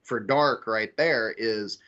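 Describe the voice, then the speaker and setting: A man in a casual political discussion who talks haltingly and fills nearly every pause with "you know". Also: on the low side, pushed and bright. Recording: dull lo-fi audio.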